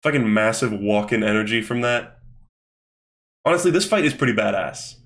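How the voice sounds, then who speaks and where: A man's voice: lowish voice, animated, normal speed, fairly bright tone. Profane, rambling young man. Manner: profane, rambling, with many fillers. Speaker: host. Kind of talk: casual commentary while skimming a manga.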